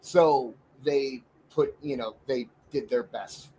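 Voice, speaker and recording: A man's voice: medium pitch, slow, dark tone, rough recording. Easygoing co-host man, faint background noise. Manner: easygoing, wry, laughs between lines. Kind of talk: casual podcast chat.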